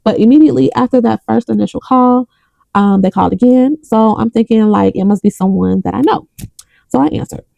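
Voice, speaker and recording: A woman's voice: on the high side, brisk, vocal fry, warm tone, no room sound, dull audio. A young adult woman vlogging about her budget, counting bills aloud and telling a story between counts. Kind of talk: casual chat while counting cash.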